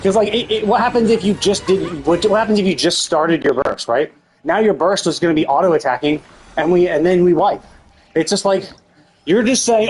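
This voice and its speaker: A man's voice: sits high, moderate pace. A male streamer doing live gameplay commentary, ranting with exasperation and plenty of swearing.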